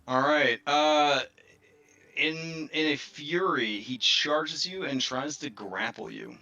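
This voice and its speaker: Brief: bright-toned man, mid pitch, relaxed tabletop game master. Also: slow, vocal fry, highs cut off. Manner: relaxed narration with fillers.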